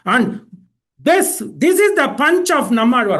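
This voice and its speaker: A man, a professor, giving an emphatic spiritual lecture and chanting scripture verses in quick bursts. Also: very high-pitched, animated, pushed and bright.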